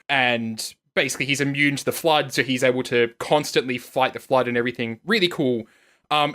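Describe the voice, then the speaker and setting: A man's voice: medium pitch, a bit bright. A man co-hosting a gaming podcast, rambling eagerly with lots of fillers and the odd swear word. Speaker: podcast co-host. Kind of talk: casual gaming podcast chat.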